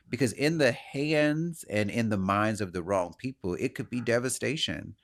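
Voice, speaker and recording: A man's voice: mid-range voice, moderate pace. Earnest man thinking aloud as host. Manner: earnest, searching, self-questioning; animated, acts out other people's voices. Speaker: podcast host. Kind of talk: personal reflective monologue.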